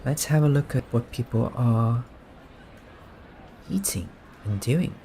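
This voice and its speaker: A man giving relaxed, soft-spoken gameplay commentary, musing and amused as he points things out. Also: mid-range voice, slow pace, slight background noise. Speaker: gaming streamer.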